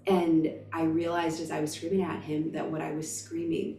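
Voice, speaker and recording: A woman's voice: deep voice, little pitch movement, measured pace, warm tone, echoey room, recorded from a distance, soft background music. A woman in her thirties, a spiritual vlogger, telling a personal story in an emotional, emphatic, gushing way.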